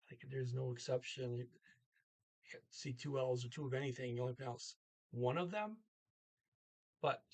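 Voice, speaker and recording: A man tutoring a language lesson in a casual, halting way, sounding out each foreign word slowly and then translating it, with frequent pauses as he thinks aloud. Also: mid-range voice.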